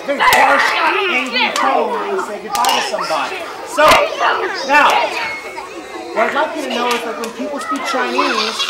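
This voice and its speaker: On a live comedy stage, a male stand-up with a very high-pitched voice works the crowd, barking instructor-style commands and exaggerating sing-song tones. Heavy background noise fills the echoey venue, and the distant mic picks up a loud audience.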